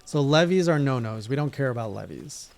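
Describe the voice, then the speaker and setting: A man streaming a game live, murmuring low-key casual asides. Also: lively intonation, fairly quick, vocal fry, a little mellow.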